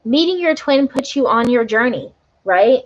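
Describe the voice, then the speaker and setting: A woman's voice: fairly high pitch, animated, normal speed, muffled recording, slight background noise. A woman tarot reader talking earnestly and emotionally to viewers of a live stream, often tagging on "right?".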